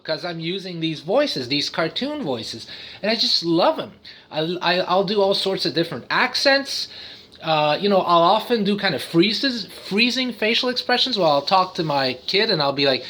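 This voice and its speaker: Lively, bright-voiced man rambling to camera. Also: high-pitched, moderate pace. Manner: animated, breaks into sudden singing, noises and cartoon voices; rambling, self-interrupting. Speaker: vlogger, autistic father. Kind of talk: casual talk to camera.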